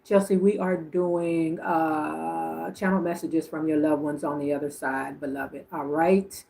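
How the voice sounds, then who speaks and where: A woman with a low voice talks through a psychic reading on a livestream. She chats casually and greets viewers by name, and there is a faint hiss in the background. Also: steady tone, a little slow, creaky, darkish tone. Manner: chatty, answering viewers by name.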